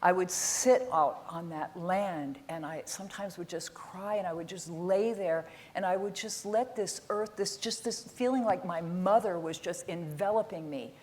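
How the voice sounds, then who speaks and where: A middle-aged woman giving a keynote talk on stage, telling stories in an animated, exasperated way, often rising in pitch and volume when making a point. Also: moderate pace, hardly any pauses. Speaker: keynote speaker. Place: conference stage.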